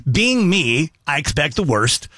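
Male host, 50s, casual storyteller, slightly high pitch, dry close mic. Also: a little slow, dry recording. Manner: animated, acts out both sides of a phone call. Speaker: radio show host.

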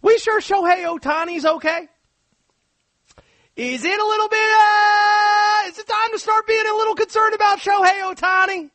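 A man voicing an excitable, conspiracy-minded Cajun sports fan with a Cajun accent, rambling hot takes. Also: moderate pace, no echo. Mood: suspicious. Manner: loud, high-pitched, rambling hot takes. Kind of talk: sports radio bit.

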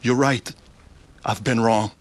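A man narrating his own testimony with earnest, gentle sincerity and acting out the scenes. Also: medium pitch, fairly even intonation, takes it slowly, over loud music.

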